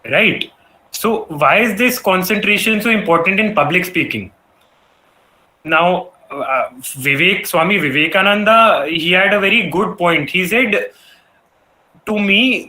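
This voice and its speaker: Bright-voiced man lecturing earnestly. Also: high-pitched, lively intonation, unhurried, rough recording. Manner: earnest, lecturing, frequent "you know" fillers and restarts. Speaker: guest speaker. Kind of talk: motivational talk on public speaking. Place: event hall.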